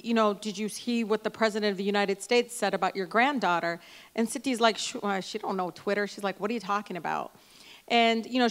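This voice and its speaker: A woman in her forties from Detroit giving a convention speech, telling family stories with animated, emphatic peaks. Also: mid-range voice. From Detroit, Michigan. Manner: storytelling, animated, rising to loud emphatic peaks. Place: large hall. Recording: smooth voice with long hall reverb.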